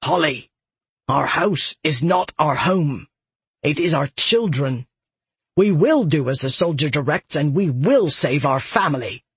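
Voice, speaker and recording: A man's voice: a little high, lively intonation, normal speed, hardly any pauses, breathy edge, no room sound. A man playing an earnest protective father. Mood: pleading. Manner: earnest pleading. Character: gentle protective husband and father.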